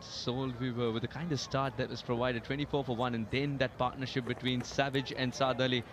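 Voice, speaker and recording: A man calling live cricket play-by-play, lively and lifting his voice on big moments. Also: mid-range voice, a little fast, noisy background. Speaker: cricket commentator. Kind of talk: live sports commentary.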